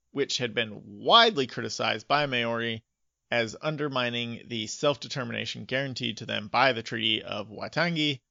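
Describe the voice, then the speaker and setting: A man co-hosts a casual podcast from home, reading through his research and dropping dry asides between facts. His voice has a gravelly, bright edge, and the recording is dry and a little dull. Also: medium pitch, dry recording. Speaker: podcast co-host. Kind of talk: casual chat reading notes. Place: home office.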